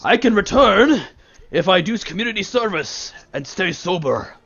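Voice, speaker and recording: A man's voice: high-pitched, sing-song, normal speed, creaky, a bit bright, breathy edge, full character voice. A man voicing a grumbling middle-aged man who has reluctantly gone sober. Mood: sheepish. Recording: dull lo-fi voice chat.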